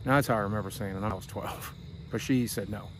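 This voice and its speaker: A fast-talking man with a fairly low voice narrates his hometown tour outdoors at night. Middle-aged and wry, he tells candid stories in a conversational vlog style over background noise.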